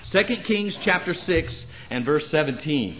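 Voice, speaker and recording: A man's voice: unhurried, a little hiss or hum. A man preaching a sermon in a church, acting out the people in the passage and adding humorous asides. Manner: animated, acts out Bible characters with jumps in pitch. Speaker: pastor. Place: church sanctuary.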